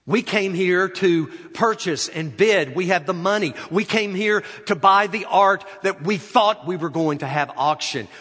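A man voicing an angry crowd of bidders who protest by yelling high and strained in an echoey hall. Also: unhurried, few pauses. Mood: furious.

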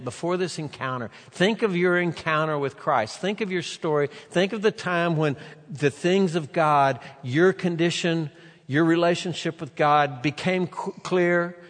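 A man preaching a sermon, retelling a scripture story with animated voices for the characters. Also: on the high side. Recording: long reverb of a large hall.

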